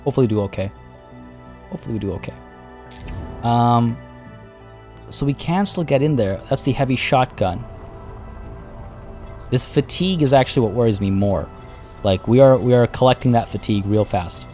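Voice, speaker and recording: Male streamer, mid pitch, talks through his moves to chat, voice worn from hours live, light music under. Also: moderate pace, long pauses, a little mellow. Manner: thinks aloud, chatty with viewers. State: losing his voice. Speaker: game streamer. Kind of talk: live gameplay commentary.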